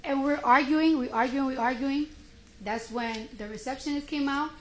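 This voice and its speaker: A woman giving courtroom testimony in an animated storytelling way, acting out what each person said. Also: sits high, normal speed. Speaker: witness testifying. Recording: echoey courtroom, faint noise.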